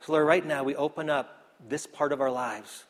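A man preaching a sermon as pastor in a church, earnest, rising to emphasis then dropping soft. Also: on the high side, fairly even intonation, moderate pace. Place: church sanctuary. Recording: echoey hall.

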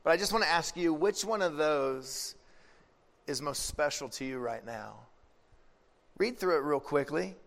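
Gravelly, joking man preaching. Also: on the high side, unhurried, pauses often, long reverb tail. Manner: conversational, joking, animated. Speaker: pastor. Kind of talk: sermon.

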